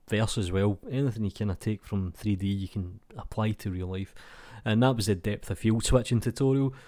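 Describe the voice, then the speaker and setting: A man's voice: on the low side, mellow, no room sound, clean studio sound. A young adult man with a Scottish accent, hosting his channel and reading viewer comments in a chatty, rambling, laid-back way, talking into a mic with no pop filter. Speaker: YouTube channel host. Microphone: desk mic without pop filter.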